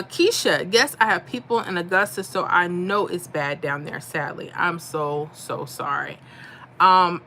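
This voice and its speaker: Bright and forceful, this lowish female voice belongs to a livestream host, a middle-aged Floridian who chats casually and folksily while reading out comments from viewers. A slight hiss or hum sits under the recording.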